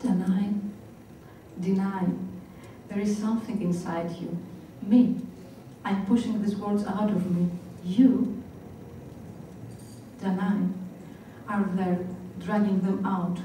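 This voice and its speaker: A woman delivers a staged spoken-word performance in a slow, deliberate way, leaving long pauses between phrases. Her voice is deep-toned and mellow. It reaches the mic from a distance and rings through a very reverberant hall. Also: steady tone, a little hiss or hum. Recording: very echoey hall, voice picked up from far off.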